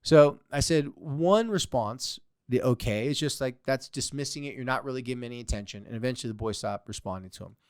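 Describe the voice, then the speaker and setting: A man's voice: medium pitch, a little fast, hardly any pauses, clean tone, no echo, studio quality. A man hosting a podcast as a therapist, telling client stories and acting out quoted comebacks with mock sweetness. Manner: storytelling, acts out quoted exchanges with a mocking sweetness. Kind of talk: solo podcast talk.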